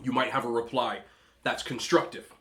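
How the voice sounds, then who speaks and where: A man in his thirties eating on camera, giving emphatic, animated relationship advice to other men and telling stories in a casual chat. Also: mid-range voice, moderate pace, slight background noise. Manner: storytelling with repeated disapproving hums. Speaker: mukbang vlogger.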